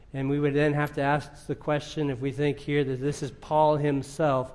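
Male pastor, sermon delivery, emphatic and deliberate, voice sits a little high. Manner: emphatic, rising to rhetorical questions; drawn-out, deliberate phrasing. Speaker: preacher.

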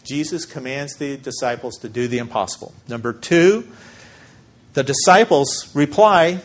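A man preaching a sermon as pastor, measured and emphatic, with deliberate pauses for weight. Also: medium pitch.

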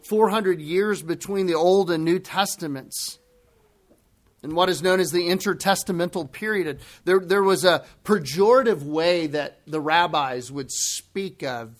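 A male pastor delivers a sermon at an unhurried pace. His voice sits somewhat high for a man, and he swings between quiet, hushed lines and raised emphasis, now and then acting out the voices he quotes. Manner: earnest preacher who acts out quoted voices, swings from hushed to loud. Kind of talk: expository sermon.

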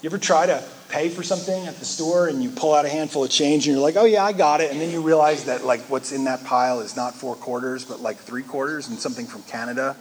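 A man preaching a sermon, animated and conversational, acting out quoted voices to make his points. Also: medium pitch, fast, few pauses. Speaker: pastor.

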